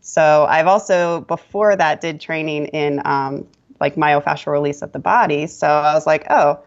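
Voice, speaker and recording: A woman, a guest esthetician, giving relaxed advice in a casual podcast interview with many fillers. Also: sits low, normal speed, highs cut off. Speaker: guest esthetician and yoga instructor.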